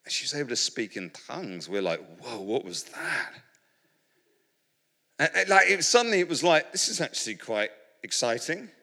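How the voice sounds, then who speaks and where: A man's voice: fairly high pitch, big pitch swings, quick pace, vocal fry, few pauses, pushed and bright. A British man preaching in a humorous storytelling style, rambling and self-mocking with many restarts, to an audience in a large hall. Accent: British English. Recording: reverberant hall.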